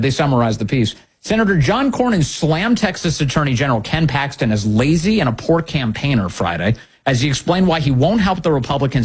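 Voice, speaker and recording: A man's voice: mid-range voice, breathy edge. A man hosting a political commentary show, talking emphatically and sarcastically, firing off rhetorical questions.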